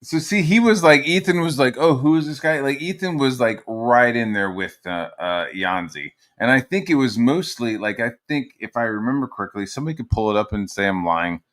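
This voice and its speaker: A man's voice: medium pitch, expressive, a little fast, few pauses, fairly bright tone. A man hosting a livestream, ranting in a casual, meandering and profane way, full of sarcasm. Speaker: livestream host.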